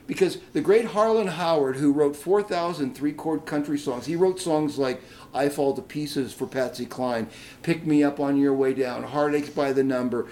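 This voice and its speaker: A man who teaches ukulele, from Detroit, telling stories and explaining music in a radio interview. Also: on the high side. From Detroit, Michigan. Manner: lively teacher, hums and laughs while explaining. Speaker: ukulele instructor, guest.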